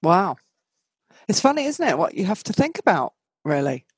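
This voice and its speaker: A woman's voice: mid-range voice, big pitch swings, normal speed, breathy edge, no echo. A woman hosting a podcast in casual chat, talking easily with trailing asides. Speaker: podcast host.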